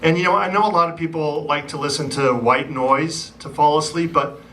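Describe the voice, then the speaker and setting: A man's voice: a little high, fairly quick. A man doing a stand-up set with a chatty, self-deprecating manner, stopping often on ums and you-knows. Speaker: stand-up comedian. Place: theatre stage before a live audience. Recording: distant mic, loud crowd and noise.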